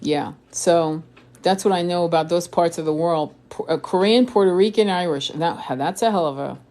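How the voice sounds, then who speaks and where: A tarot reader and spiritual coach originally from France reads comments in a casual live-stream chat, rambling with frequent swearing, laughing often and restarting many times. Her voice is fairly low and dark in tone, at normal speed.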